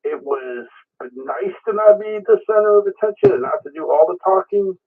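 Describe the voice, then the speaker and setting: Man, radio caller, halting, restarts a lot, fairly high voice, tinny radio line. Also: lively intonation. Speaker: caller checking in. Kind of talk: casual ham radio chat.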